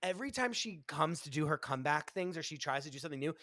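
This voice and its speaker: Podcast co-host, earnest and rambling with lots of fillers, mid pitch, dry close sound. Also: lively intonation, fast talker, bright, forceful tone, no room sound. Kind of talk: casual chat.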